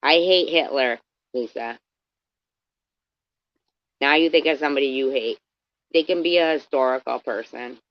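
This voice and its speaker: A woman's voice: a bass voice, normal speed, long pauses, no room sound. A woman live-streaming, chatting casually with her viewers, rambling and swearing as she tells a story and greets people in the chat by name. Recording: dry, dull lo-fi stream audio.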